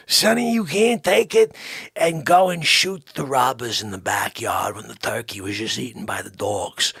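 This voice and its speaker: A man hosting a comedy show, telling a rambling comic story, lurching between loud outbursts and hushed asides in a raspy voice. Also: medium pitch, moderate pace, no echo, clean studio sound. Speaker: comedy podcast host.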